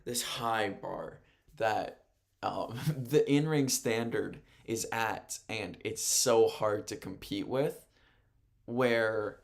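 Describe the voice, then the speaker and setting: A man's voice: mid-range voice, gravelly. A man who hosts radio and calls play-by-play, chatting loosely through a recap, rambling, chuckling often and correcting himself. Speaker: radio host and play-by-play announcer. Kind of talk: casual sports talk recap.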